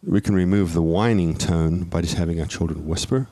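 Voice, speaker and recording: A man with a very low, deep voice talks in a relaxed parenting chat, earnest but quick to tease and argue his point. He sounds in his thirties. The sound is dry and close, with no room around it. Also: no echo. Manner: earnest, playfully argumentative. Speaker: podcast co-host.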